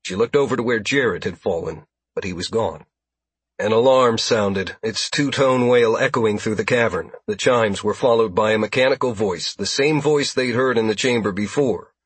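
A man narrating an action story as an audiobook reader, in steady, even storytelling. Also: on the low side, moderate pace, breathy edge, no echo. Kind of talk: scripted narration.

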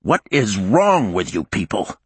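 An enraged prison warden bellows at his staff, as a man puts him on. His husky, strained voice jumps up high and hard when he yells. The sound is dry and close, read for an audiobook thriller. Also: takes it slowly, dry recording, full character voice. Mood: furious. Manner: barking, urgent, strained. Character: angry male prison warden shouting orders.

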